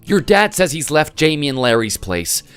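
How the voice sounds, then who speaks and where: A man's voice: fairly high pitch, big pitch swings, normal speed, a bit bright, clear, resonant tone, faint music behind. A man voicing a concerned family man in a voice-acted text story, asking careful questions.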